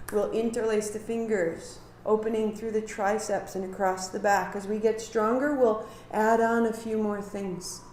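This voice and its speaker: A woman teaching a live kundalini yoga class, giving calm movement cues and sharing earnest reflections. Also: medium pitch, a little hiss or hum. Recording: echoey room.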